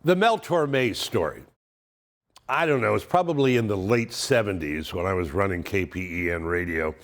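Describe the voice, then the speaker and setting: A man's voice: sits low, expressive, normal speed. A man in his seventies telling stories in a monologue, with wry, dry humor. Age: 70s. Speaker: narrator of a yearly family letter. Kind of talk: storytelling monologue.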